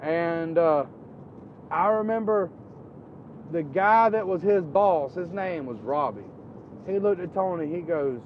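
A man's voice: fairly high pitch, slow pace, long pauses, highs cut off, a little hiss or hum. Rambling Florida man spinning yarns. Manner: rambling, animated, quotes people in a raised voice. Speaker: storyteller. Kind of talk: casual storytelling.

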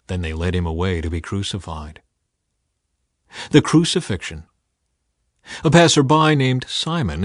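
A man's voice: lowish voice, no echo, studio quality. A man reading a Bible passage aloud with dramatic emphasis, his voice swelling on the quoted cries. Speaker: scripture reader.

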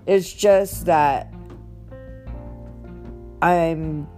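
A young woman rambling candidly in a personal vlog, halting and restarting as she talks about her faith and habits. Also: low voice, steady tone. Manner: rambling, halting, self-interrupting. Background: soft guitar music.

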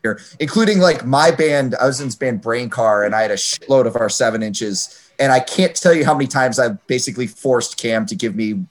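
A man's voice: mid-range voice, brisk, few pauses. Rambling, foul-mouthed podcast host, a man. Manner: rambling, swears a lot, self-deprecating. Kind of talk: casual chat.

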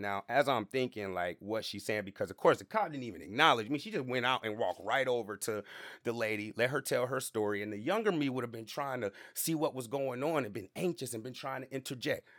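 A man hosting a podcast, telling a story in a relaxed, slangy way with plenty of asides to the listener. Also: on the low side, no room sound, studio quality. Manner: laid-back, slangy, repeats fillers and asides to the listener. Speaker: podcast host. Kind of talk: casual storytelling monologue.

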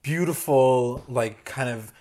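A man's voice: mid-range voice, slow pace, a loud crowd. A man chatting as co-host of a recap podcast. He talks loosely and with a lot of energy, swears often, and acts out the lines he quotes. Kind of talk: casual recap chat.

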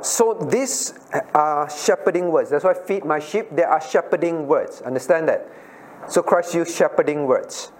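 A man with a fairly high voice leads a Bible study as the pastor, calling on listeners by name and asking them questions. He repeats his key phrases over and over. A faint hiss of room noise sits behind him. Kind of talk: interactive Bible study teaching.

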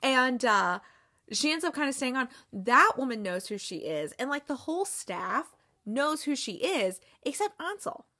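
A woman's voice: high-pitched, big pitch swings, a little slow, bright, forceful tone. A woman hosting a movie review show, chatting casually in a rambling, sarcastic way with lots of fillers. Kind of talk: casual chat.

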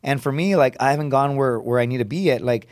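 A man's voice: mid-range voice, fast, no echo, studio quality. A man, a comedian guest, telling stories in casual podcast chat with lots of swearing and energy. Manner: profane, energetic storytelling.

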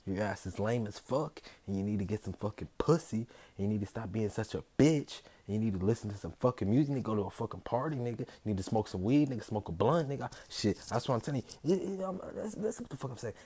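A man ranting heatedly about music to camera, swearing constantly, swinging between low mutters and loud outbursts. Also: husky. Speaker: vlogger. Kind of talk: profane music rant to camera.

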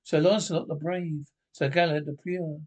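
A man's voice: a little high, steady tone, normal speed, darkish tone. A man reading a film script aloud and narrating the story in a storyteller's voice. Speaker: reader performing a film script.

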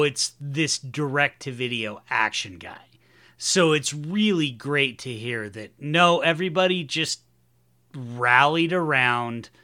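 A man's voice: mid-range voice, bright, forceful tone, smooth. A man hosting a podcast, chatting casually with his guest, swearing freely and talking with enthusiasm. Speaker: podcast host.

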